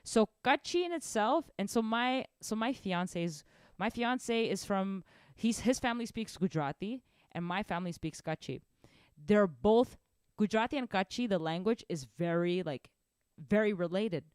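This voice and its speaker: A young woman giving a casual drum lesson, animated and rambling, often restarting her sentences. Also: medium pitch, moderate pace, clear, resonant tone, dry recording, studio quality. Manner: animated, rambling, self-correcting. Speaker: drum teacher.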